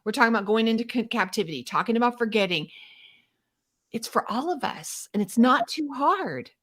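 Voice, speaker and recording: Chatty, animated middle-aged woman host. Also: a little high, a little fast. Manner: animated, acts out little prayers and inner dialogue; self-deprecating and chatty. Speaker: host of a Torah study show. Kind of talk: casual faith discussion.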